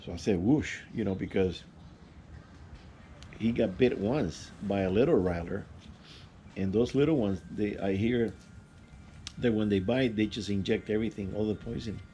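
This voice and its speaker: A man telling a personal story in a casual, rambling way, with halting restarts and fillers. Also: fairly low pitch, warm tone, slight background noise. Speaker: vlogger.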